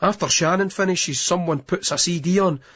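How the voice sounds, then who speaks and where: A man narrating an audiobook in a steady storytelling manner, in a dull lo-fi recording. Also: sits high, moderate pace. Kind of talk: scripted narration.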